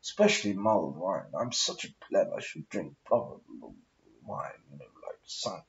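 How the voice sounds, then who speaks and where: Rambling posh English man, lively deep voice. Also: moderate pace, dull audio. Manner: profane, meandering, self-mocking asides; smoking while talking. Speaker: vlogger. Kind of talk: rambling monologue to camera.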